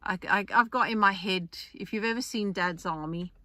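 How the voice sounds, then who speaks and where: A woman's voice: mid-range voice, moderate pace, sharp tone, no room sound. A woman hosting a podcast, talking in a chatty, rambling way with restarts and asides. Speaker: podcast host. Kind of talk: casual monologue.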